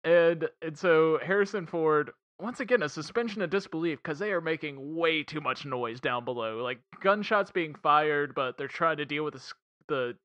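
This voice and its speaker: A man's voice: fairly high pitch, moderate pace, hardly any pauses, fairly bright tone, no echo, muffled recording. A man casually recapping a movie with a friend, laughing often, swearing and acting out lines. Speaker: podcast co-host.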